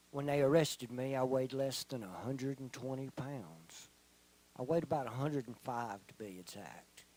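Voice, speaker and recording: A middle-aged man tells his testimony before a church in a measured, unhurried voice. His delivery is earnest and plain, and he often sinks to a soft, quiet tone for the heavy moments. His pitch sits in an ordinary middle range. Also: low-quality recording. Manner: slow, earnest storytelling with quiet, soft-spoken stretches. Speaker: testimony speaker.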